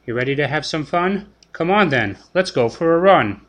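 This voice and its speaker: A man's voice: fairly high pitch, expressive, moderate pace, a bit bright, a little hiss or hum. A man as guest announcer, reading an upbeat, playfully boastful podcast intro.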